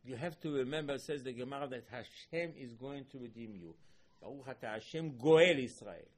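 A rabbi giving a sermon in English laced with Hebrew terms, swinging between hushed and emphatic delivery. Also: male voice, mid-range voice, expressive, normal speed.

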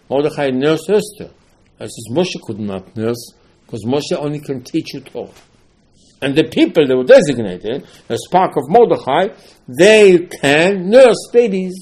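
A man teaching a Torah class, telling the stories with lively acted-out dialogue and sudden swings between loud outbursts and quiet asides. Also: medium pitch, breathy edge.

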